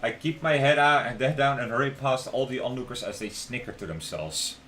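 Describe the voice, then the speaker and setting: A man's voice: mid-range voice, a little fast, faint music behind, poor audio. A young man streaming live, narrating a visual novel aloud and breaking off for playful asides. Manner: expressive, swings between narration and playful asides.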